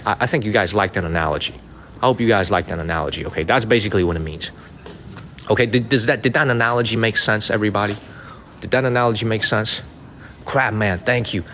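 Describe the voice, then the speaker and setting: This livestreaming travel vlogger's voice sits low and a bit bright as he shows viewers around a historic mausoleum site outdoors. He chats, repeats himself and thanks people by name, sounding as if in a large hall with slight background noise.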